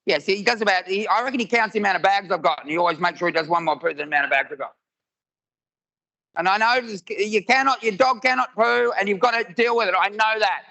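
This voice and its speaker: A man's voice: high-pitched, quick pace, creaky, sharp tone, low-quality recording. A man, telling stories in a live stand-up routine and acting out both sides of the dialogue. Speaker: stand-up comedian. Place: live comedy venue with audience.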